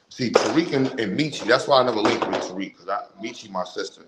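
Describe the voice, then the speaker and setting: A man's voice: medium pitch, quick pace, few pauses. Fired-up New man on a livestream. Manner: blunt street slang, rambling and heated. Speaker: livestream host. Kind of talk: casual livestream rant. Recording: roomy, with loud background noise.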